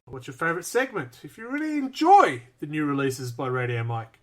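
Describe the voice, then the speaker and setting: A man's voice: on the high side, expressive, fairly quick. An Australian man hosting a casual podcast chat, playful and full of questions for his co-hosts. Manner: playful, jokey, asks lots of questions. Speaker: podcast host.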